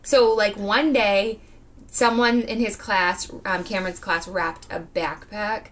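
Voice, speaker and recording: A woman in her thirties co-hosting a podcast, chatting quickly and laughing often. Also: medium pitch, fairly even intonation, a bit bright. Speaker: podcast co-host. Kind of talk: casual chat. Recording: distant mic with faint background noise.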